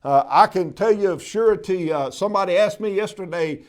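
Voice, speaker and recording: A man's voice: high voice, fairly quick. A man preaching a sermon, in a fervent, repetitive preaching cadence. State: recovered from covid.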